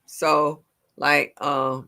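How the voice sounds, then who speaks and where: Her voice sits low, with a flat delivery, drawn-out words and a sharp tone. As a livestream host, she chats informally with her viewers and laughs often.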